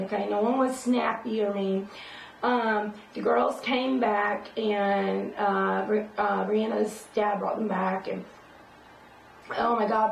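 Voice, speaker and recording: A woman's voice: medium pitch, creaky, recorded from a distance. A woman telling a personal story in a casual vlog, rambling with many fillers and restarts. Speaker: vlogger. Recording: roomy sound from away from the mic, faint noise.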